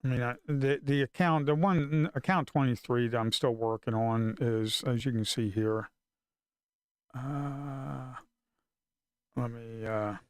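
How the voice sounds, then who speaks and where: A man at his trading desk thinks out loud on a live stream, grumbling and cursing over losing trades. His voice is smooth and clear and sits in an ordinary middle pitch. The recording is dry and close, with no room sound. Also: fairly even intonation, takes it slowly, no room sound. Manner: frustrated, swearing, muttering to himself. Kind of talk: casual live-stream talk.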